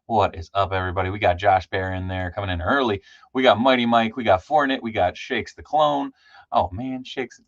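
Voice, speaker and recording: A man hosting a casual live stream, chatty and loose, shouting out viewers by name with lots of ums. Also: lowish voice, fairly quick, no room sound, highs cut off. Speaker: livestream host.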